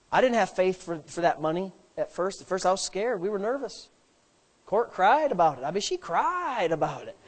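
A middle-aged man, a pastor preaching a sermon that swells from plain storytelling into loud, emphatic declarations. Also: high-pitched.

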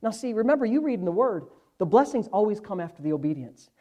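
A male pastor delivers a sermon in a voice that sits unusually high for a man. He is fervent and impassioned, dropping to hushed asides and then climbing back to loud, urgent exhortation. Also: very animated, fast. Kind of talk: preaching a sermon.

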